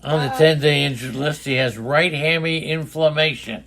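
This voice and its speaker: An older man with a high-pitched voice, co-hosting a casual fantasy baseball chat, teasing and rambling with fillers. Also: normal speed, noisy background. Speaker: podcast co-host.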